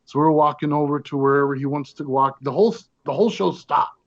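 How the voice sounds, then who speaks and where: A man being interviewed as a guest actor, telling stories in a casual, animated way and acting out the other people in them. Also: fairly high pitch, fast talker, dry recording. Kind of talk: casual storytelling. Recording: dull lo-fi audio.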